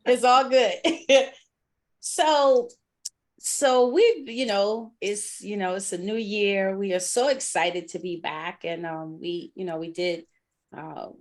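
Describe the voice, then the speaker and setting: A woman's voice: medium pitch, fairly even intonation, a little slow. A middle-aged woman hosting a podcast in casual chat, bubbly and laughing often, with many fillers. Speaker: podcast host.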